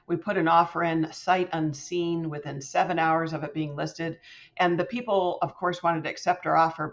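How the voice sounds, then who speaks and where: A middle-aged woman, a podcast guest, telling a personal story in an animated way and acting out quoted voices with big jumps in pitch. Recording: slightly muffled lo-fi sound.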